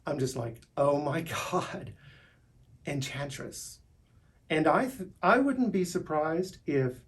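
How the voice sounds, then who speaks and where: A middle-aged man talking in a rambling, unscripted monologue, restarting words and pushing his voice upward when he gets worked up. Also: on the high side. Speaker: vlogger.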